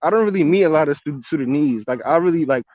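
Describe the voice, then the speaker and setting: A man's voice: a little high, fast talker, darkish tone, dry recording, dull audio. A man from the United States chatting casually as a podcast guest, with loose slangy talk full of "like" and "bro". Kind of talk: casual chat.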